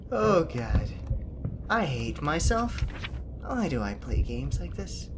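A woman's voice: fairly low pitch, background noise. A woman playing a horror game and commenting on it, frustrated and swearing, often muttering to herself. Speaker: gaming video creator.

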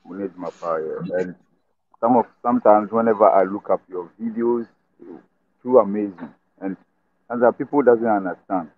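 A man's voice: fairly low pitch, a little hiss or hum. Man calling in over a tinny phone line. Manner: halting, repeats himself, serious. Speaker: caller.

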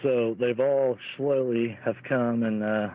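Brief: male caller, rambling casual storyteller, mid-pitched, heard over a tinny phone line. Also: fairly even intonation, slow pace. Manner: rambling, restarts and quotes neighbors. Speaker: caller telling an encounter story.

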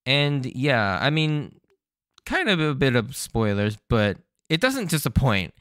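A man's voice: mid-range voice, sing-song, takes it slowly, a bit bright, dry recording, clean studio sound. A man hosting a solo podcast, explaining scenes with enthusiasm and chuckling at the jokes he recounts. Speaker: podcast host.

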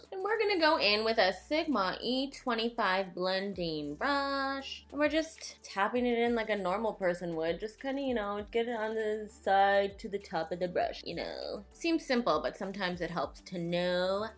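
A woman's voice: medium pitch, sing-song, moderate pace. A young woman talking casually through a makeup tutorial, rambling into self-mocking asides. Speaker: beauty vlogger.

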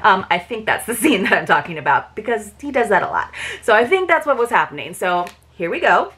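A woman's voice: medium pitch, big pitch swings, brisk, fairly bright tone. A woman chats casually while showing off items from a subscription box. She talks in a loose, friendly way, repeating words and adding little fillers as she goes. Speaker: book box reviewer. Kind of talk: casual unboxing chat.

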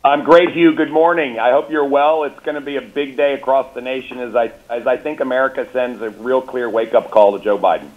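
A man's voice: medium pitch, fairly quick, hardly any pauses. Confident male politician on a lo-fi line. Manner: confident, repetitive restarts, rally-style talking points. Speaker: governor, guest. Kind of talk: political interview by phone or remote.

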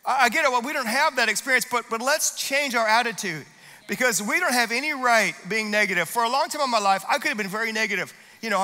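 A pastor preaching a sermon with energetic delivery that builds into shouted declarations, recorded in a church auditorium. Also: male voice, extremely high pitch, quick pace, long reverb tail.

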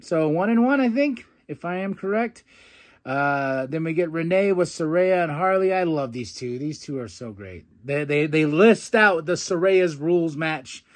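A young man hosting a podcast, casually recapping a wrestling show, animated and laughing often as he acts out wrestlers' lines. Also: a little high, moderate pace. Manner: animated, quotes wrestlers in excited put-on voices, laughs often. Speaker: podcast host.

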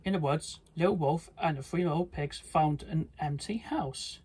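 A storybook reader reading a children's story aloud, halting now and then with small slips. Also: mid-range voice, a little mellow, husky.

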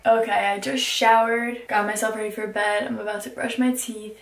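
Young woman, vlogger, casual chat to camera, fairly high voice, says "like" a lot, music underneath. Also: fairly even intonation, normal speed. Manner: chatty, says "like" a lot, low-key and tired in the mornings. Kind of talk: casual vlog narration to camera. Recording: vlog audio with music playing underneath.

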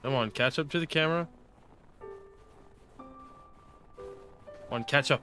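A young man doing let's play commentary, excitable and sarcastic, pleading and shouting at the game as he plays. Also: mid-range voice, takes it slowly, pauses often, soft background music. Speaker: gaming YouTuber.

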